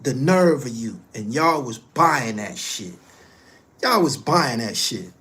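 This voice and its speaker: A middle-aged man delivering a heated, profane rant, scolding someone directly and swinging between loud outbursts and low muttering. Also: animated, unhurried. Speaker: commentary host.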